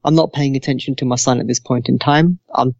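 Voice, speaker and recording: A man's voice: medium pitch, fairly even intonation, brisk, creaky, a little mellow, dry recording. A man in his thirties spins a rowdy anecdote as a podcast co-host, swearing freely and slipping into little voices for the people in his story. The sound is dry and a bit dull, like a modest lo-fi setup. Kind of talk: casual storytelling.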